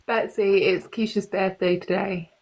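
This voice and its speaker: A woman's voice: mid-range voice, fairly even intonation, unhurried, a little mellow, a little hiss or hum. A woman in her thirties hosting a live stream, chatty and casual with some swearing. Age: 30s. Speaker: livestream host.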